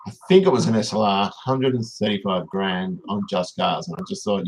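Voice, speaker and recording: A man's voice: on the low side, normal speed, a little hiss or hum, low-quality recording. An Australian man hosting a casual livestream, rambling and reading viewers' comments aloud as he answers them. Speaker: livestream host.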